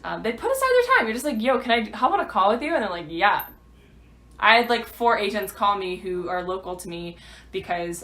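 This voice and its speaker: A woman's voice: mid-range voice, a bit bright. A woman, a new realtor, chatting through a rambling vlog update full of fillers. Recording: echoey room.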